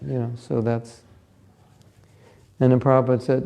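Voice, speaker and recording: A man's voice: medium pitch, level tone, normal speed, creaky, highs cut off. A man giving a scripture class in a conversational, storytelling way, sometimes turning to ask his listeners questions. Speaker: class speaker.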